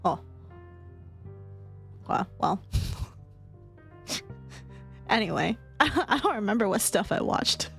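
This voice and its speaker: A woman's voice: medium pitch, slow, vocal fry, pauses often, faint music behind. A young woman from California with a Californian accent, chatting casually on a stream and laughing often. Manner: giggly, laughs often, animated.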